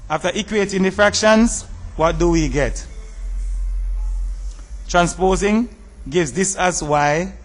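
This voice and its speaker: A man teaching a math lesson over slides, explaining step by step in a measured way and asking rhetorical questions. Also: sits high, in a large hall, soft background music.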